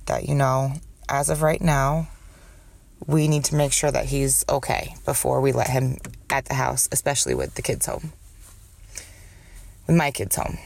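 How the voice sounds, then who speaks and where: A woman's voice: rumbling low, vocal fry, a little mellow. A woman hosting a candid solo podcast with a cold and a smoker's cough. She talks in a rambling, profane way and jumps from thought to thought. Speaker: podcast host.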